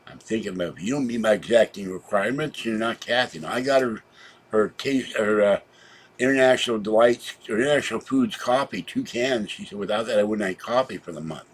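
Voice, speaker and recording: A man vlogging a meandering personal story in a chatty way, tired and low on energy, with sudden loud exclamations. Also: expressive, brisk, breathy edge.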